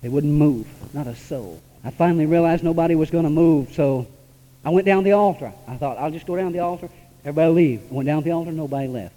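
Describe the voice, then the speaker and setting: A man with a high, mellow voice preaches a heartfelt testimony sermon, moving from hushed confession to raised, exclaiming appeals. His words ring out through a church sanctuary, trailing a long reverb. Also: quick pace. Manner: emotional storytelling preacher, swings from hushed to high exclaiming, chuckles.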